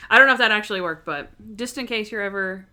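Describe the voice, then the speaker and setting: A young woman co-hosting a podcast, casually retelling TV scenes with quick acted-out quotes and frequent laughter. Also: mid-range voice, bright, forceful tone. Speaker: podcast co-host. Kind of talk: casual chat.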